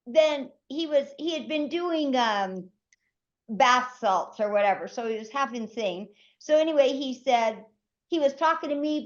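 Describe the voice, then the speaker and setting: Woman, high voice, animated storyteller, dull lo-fi sound. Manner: lively, animated storyteller acting out quotes. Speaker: co-host. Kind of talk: casual podcast storytelling. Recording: dull lo-fi podcast audio.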